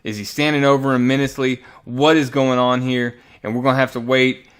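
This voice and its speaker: A man's voice: medium pitch, brisk, clear, resonant tone. Man animatedly recapping a comic. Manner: animated storytelling with frequent restarts. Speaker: comic book reviewer. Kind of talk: casual comic book recap.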